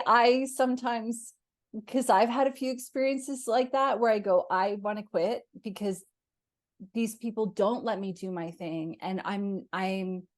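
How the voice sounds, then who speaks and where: A woman hosting a podcast talks in a reflective, chatty way. She thinks aloud with small restarts and mid-range pitch, and often chimes in with agreement. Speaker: podcast host. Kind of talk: casual podcast chat.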